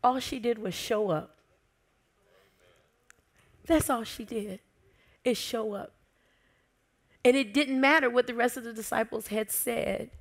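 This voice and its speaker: A woman pastor preaching a sermon, telling a story with lively expression and dropping to soft whispers at tender moments. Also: fairly high pitch, unhurried, long pauses.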